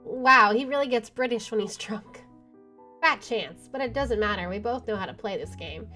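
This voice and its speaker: A woman's voice: on the high side, normal speed, bright, forceful tone. A woman streamer reading a visual novel aloud, with wry asides and swearing. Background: game music.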